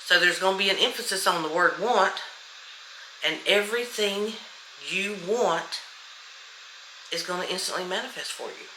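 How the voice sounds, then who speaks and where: Blunt, no-nonsense woman coach with a piercing bright voice, recorded in a roomy space. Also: mid-range voice, moderate pace, pauses often, a little hiss or hum. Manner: blunt, straight to the point, repeats affirmations. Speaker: manifestation coach. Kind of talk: casual motivational talk.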